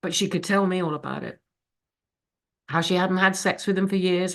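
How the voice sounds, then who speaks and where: A middle-aged woman with a lowish voice tells her recovery story at a fellowship meeting. She is candid and emotional and swears freely. She speaks over a video call. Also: moderate pace, vocal fry, pauses often, a bit bright. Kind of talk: personal recovery share.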